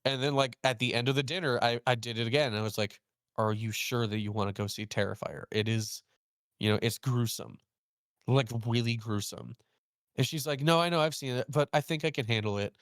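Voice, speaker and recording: With a smooth, brisk voice, a young male host recounts a story in a casual chat and acts out each speaker in the dialogue. He's lively, shifting pitch sharply for the quotes. It's studio quality, free of echo.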